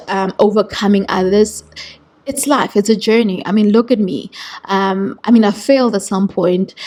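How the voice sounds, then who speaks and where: A woman's voice: fairly high pitch, warm tone. A woman in her thirties with a South African accent, talking to camera as a vlog host in a heartfelt, earnest way, often repeating words. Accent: South African English. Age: 30s. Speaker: vlogger host. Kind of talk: casual motivational talk to camera.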